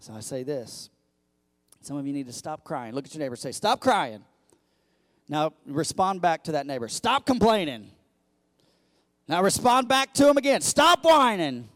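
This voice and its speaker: A man preaching a lively sermon in a fairly high voice. He swings from loud, climbing peaks down to quiet asides and stumbles over repeated words as he builds momentum. The sound is close and dry. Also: brisk, dry recording. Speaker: pastor.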